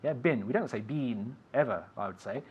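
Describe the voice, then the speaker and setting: A man teaching an English lesson on the radio, saying words slowly and clearly and having his student repeat them. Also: mid-range voice, lively intonation, dull audio. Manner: slow, clear teacher drilling words for repetition.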